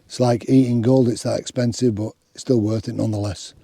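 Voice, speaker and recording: Middle-aged hiker vlogging outdoors, rambling chat, very dark and husky tone, dry close sound. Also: male voice, medium pitch, fairly even intonation, fairly quick, no room sound. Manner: rambling and chatty, many restarts and fillers. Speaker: hiking vlogger. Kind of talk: casual outdoor vlog chat. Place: outdoors on open moorland. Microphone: clip-on microphone.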